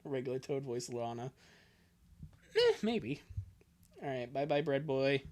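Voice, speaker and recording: A woman's voice: extremely low pitch, animated, unhurried, long pauses, darkish tone. Giggly young woman streamer. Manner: giggly, chatty asides. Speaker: streamer and fan dub reader. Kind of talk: casual livestream chat.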